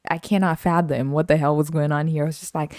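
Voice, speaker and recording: A woman telling a casual story as a podcast host, animated and slangy, laughing often. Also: deep voice, fast talker, no echo, studio quality.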